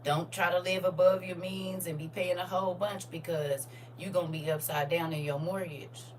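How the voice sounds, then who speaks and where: An older woman, hosting a casual live chat, laughing and swinging between soft asides and loud high bursts. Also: fairly even intonation, normal speed, distant mic, slight background noise. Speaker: host reading viewer comments.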